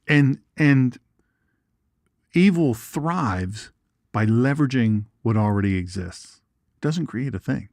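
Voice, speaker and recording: A man's voice: medium pitch, takes it slowly, long pauses, no room sound, clean studio sound. A man hosting an informal Bible teaching show, folksy and chatty, with jokes and asides. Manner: folksy and animated, asides and jokes, reads viewer comments.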